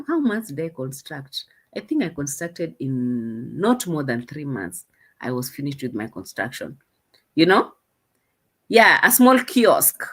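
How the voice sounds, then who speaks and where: A young Kenyan woman with a Kenyan accent, chatting in a casual commentary vlog in a mocking tone, laughing often. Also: sits low. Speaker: vlogger.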